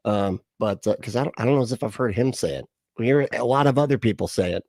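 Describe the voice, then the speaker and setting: A man's voice: mid-range voice, expressive, fast, vocal fry, a little mellow, dry recording, clean studio sound. A man hosting a livestream reaction, mocking the clip in a casual, sarcastic way and laughing often. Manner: sarcastic, laughs often, puts on silly voices.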